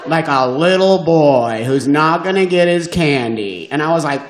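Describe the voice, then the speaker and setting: A man at a live storytelling event, recounting his tale with animated energy. He laughs often and slips into quoted voices. His voice sits at an ordinary pitch and carries the echo of a roomy hall. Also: brisk, hardly any pauses. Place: event venue.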